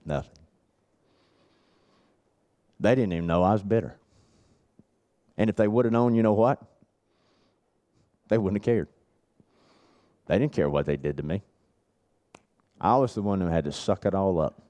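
A man's voice: unhurried, pauses often, dark tone. Earnest middle-aged man preaching. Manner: earnest, repetitive storytelling that drops low and then rises. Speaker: preacher at a men's retreat. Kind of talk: sermon.

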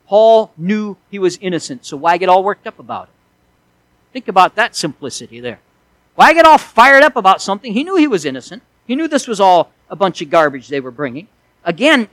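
High-voiced emphatic male preacher. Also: big pitch swings, normal speed, dry recording, poor audio. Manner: emphatic preaching with big swings from loud to hushed. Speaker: pastor. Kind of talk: expository sermon.

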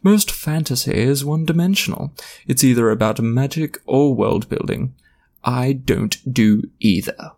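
A man's voice: mid-range voice, lively intonation, darkish tone, pitched above the performer's own voice. A man putting on a pompous posh snob. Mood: haughty. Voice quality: pompous, drawn-out. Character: pompous posh man, haughty and self-important.

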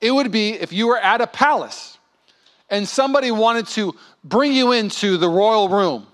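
Pastor, male, 30s, sermon delivery, high voice, lively storytelling with voiced quotes. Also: moderate pace. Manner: animated, acts out voices in quotes.

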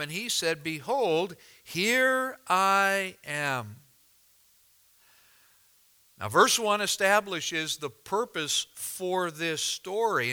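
Man, pastor, sermon, expository, bright voice, slightly high. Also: clean tone. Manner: deliberate, expository, reads scripture with dramatic pauses.

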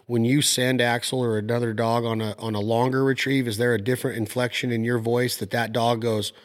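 A man hosting a casual chat, asking questions and telling an animated hunting story with laughs and mimicry. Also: mid-range voice, fairly quick.

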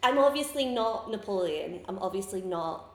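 A woman in her twenties chatting casually in an interview, rambling and giggling through animated stories. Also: mid-range voice, normal speed, echoey room, slight background noise. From Scotland. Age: 20s. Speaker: comedian guest.

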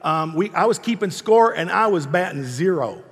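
A man's voice: sits high, lively intonation, moderate pace, breathy edge. A man in his sixties, a pastor preaching a sermon in a conversational, self-deprecating storytelling way. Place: church hall. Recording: long reverb of a hall.

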